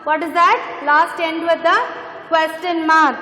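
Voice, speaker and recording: A woman's voice: extremely high pitch, level tone, measured pace, bright, forceful tone. A woman teaching an English grammar lesson, patiently repeating phrases as she explains. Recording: echoey room with long reverb.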